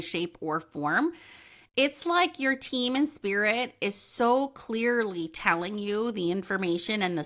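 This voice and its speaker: Her voice is medium in pitch, bright and forceful. As a podcast host and intuitive medium, she talks alone in a relaxed, lively way about readings and intuition, frequently voicing other people's words.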